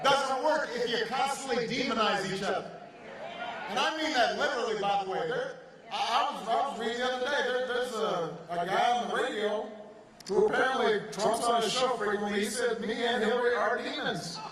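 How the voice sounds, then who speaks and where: A man giving a campaign speech to a rally in a deliberate, conversational and wry way. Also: very high voice, a bit bright. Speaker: political speaker at a rally. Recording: echoey rally from a distance with crowd.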